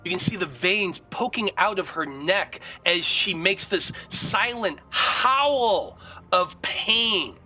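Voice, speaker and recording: Slow, bright-voiced male game master. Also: high-pitched, rough recording. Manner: slow, vivid descriptive narration. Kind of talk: narrating a tabletop game.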